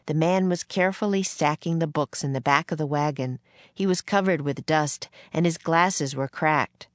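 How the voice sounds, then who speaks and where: Low-voiced woman reading a children's book. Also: no echo. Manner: clear, steady storytelling. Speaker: narrator.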